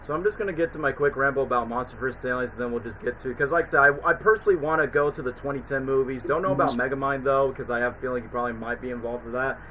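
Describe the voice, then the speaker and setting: A man's voice: mid-range voice, racing, few pauses, pushed and bright, a little hiss or hum, poor audio. A man hosting a casual stream chat, rambling with lots of fillers. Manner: rambling, quotes movie lines in put-on voices, many fillers. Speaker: streamer host.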